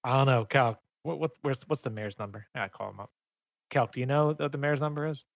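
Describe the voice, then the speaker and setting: A man's voice: medium pitch, fast, creaky, no room sound. Guy cracking jokes on a beer podcast, mid voice, dry close mic. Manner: joking, teasing banter. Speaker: podcast co-host. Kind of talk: casual beer podcast chat.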